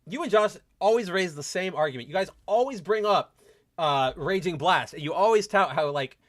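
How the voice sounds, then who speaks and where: Excitable stammering man, higher voice. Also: normal speed. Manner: rambling, stammering restarts, swears freely; excitable, fan-like. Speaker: podcast host. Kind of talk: casual livestream chat reading viewer comments.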